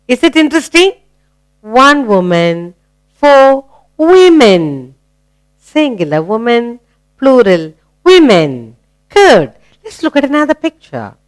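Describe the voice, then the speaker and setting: A woman's voice: a little high, clean tone. A woman teaching a grammar lesson to young children, spelling out words letter by letter and asking them encouraging questions. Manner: slow, sing-song, spelling words letter by letter.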